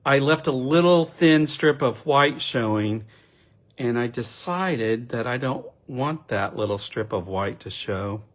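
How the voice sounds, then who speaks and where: A man giving a casual, unhurried card-making demonstration, chatty and self-deprecating as he works. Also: medium pitch, expressive.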